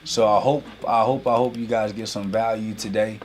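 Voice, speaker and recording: Opening his online business class, this male host and coach banters with chat, teasing viewers and pumping them up while leaning heavily on "y'all." His voice sits lowish, his pace is moderate, and there's a slight hum of background noise.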